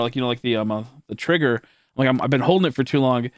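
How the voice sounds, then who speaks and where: A man's voice: medium pitch, lively intonation, fast, dry recording, studio quality. A man in his late twenties, a streamer chatting casually to his viewers, rambling with lots of laughs, swearing and stammered restarts. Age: late 20s. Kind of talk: casual livestream chat.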